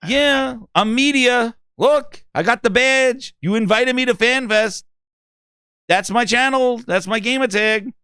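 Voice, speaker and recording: A man voicing a pushy, loud young male gamer influencer who brags about his badge. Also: extremely high pitch, unhurried, clear, resonant tone, no echo, clean studio sound, voice pushed up, full character voice. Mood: boasting. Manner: brash, pushy bragging.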